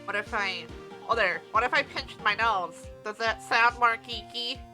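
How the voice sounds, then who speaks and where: A woman's voice: a little high, measured pace, bright, forceful tone. A woman streaming a game playthrough, chatting hesitantly about voicing characters. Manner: hesitant, self-doubting, chatty. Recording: game music behind.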